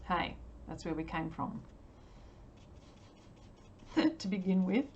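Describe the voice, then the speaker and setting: A woman's voice: fairly low pitch, lively intonation, slow, a little mellow, muffled recording, slight background noise. An Australian woman chatting casually on a livestream as she paints, answering viewers with many ums and frequent laughs. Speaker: livestream artist.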